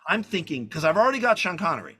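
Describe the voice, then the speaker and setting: A man in his sixties, a film director as a guest, telling lively anecdotes, acting out quotes and swearing casually. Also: high-pitched, rapid-fire, breathy edge. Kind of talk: animated anecdote storytelling.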